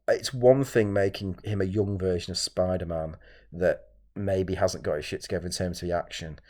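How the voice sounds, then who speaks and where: In a low-pitched, darkish voice, a film-review channel host rants alone to the camera. His delivery is exasperated and repetitive.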